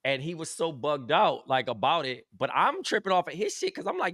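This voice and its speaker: A man's voice: a little high, a little fast, no room sound, clean studio sound. A man with a strong Californian accent, co-hosting a podcast and telling a casual story full of slang and profanity. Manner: expressive, profane, laid-back slang. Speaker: podcast co-host.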